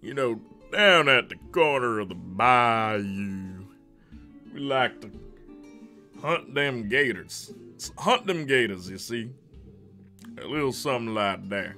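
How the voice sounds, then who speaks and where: A man putting on a drawling Southern bayou gator hunter for a livestream, slow and exaggerated. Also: mid-range voice, expressive, bright, forceful tone, faint music behind, exaggerated voice. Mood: folksy. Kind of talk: livestream voice impression.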